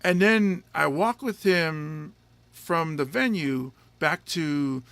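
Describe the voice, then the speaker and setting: A man's voice: fairly high pitch, slow pace, gravelly, fairly bright tone, clean tone, no room sound. A male stand-up comedian and podcast host chatting casually, rambling through stories with lots of fillers and restarts. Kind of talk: casual chat.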